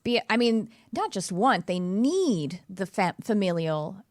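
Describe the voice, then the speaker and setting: A woman's voice: medium pitch, sing-song, a little slow, dry recording, studio quality. A woman hosting a podcast, talking in an earnest, casual way, often restarting her sentences and laughing easily. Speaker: podcast host. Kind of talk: casual conversational interview.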